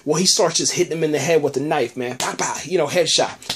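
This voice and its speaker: A man hosting a casual podcast, retelling a TV episode in an animated way and peppering his talk with "man" and "you know what I'm saying". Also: fairly high pitch, racing, few pauses, slight background noise. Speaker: podcast host reviewing a TV episode.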